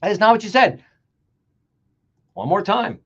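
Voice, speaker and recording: A man hosting a political talk show, delivering an animated, sarcastic and emphatic monologue. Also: high voice, a little slow, slightly rough. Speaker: radio talk show host. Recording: dull lo-fi sound.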